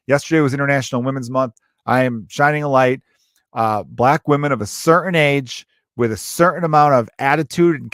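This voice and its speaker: A man's voice: medium pitch, dry recording, studio quality. A man hosting a podcast, telling rambling stories in a casual comedic monologue with plenty of swearing. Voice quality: rambling, profane, animated storytelling. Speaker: podcast host.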